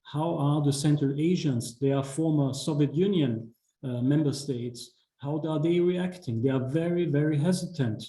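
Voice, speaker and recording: A middle-aged man, giving an online talk over a video call in a measured way, with many fillers and restarts. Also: on the high side, dark tone, reverberant. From Austria. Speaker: guest speaker, ambassador.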